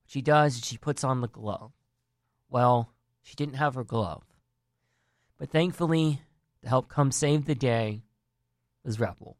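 A man's voice: medium pitch, no echo, studio quality. A man giving casual wrestling news and opinions, earnest and rambling, often restarting his sentences. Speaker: wrestling commentary vlogger.

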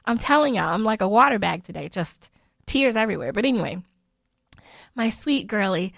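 A woman in her forties telling a personal story in a casual monologue, chatty and animated, laughing often. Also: medium pitch, normal speed, gravelly, no echo.

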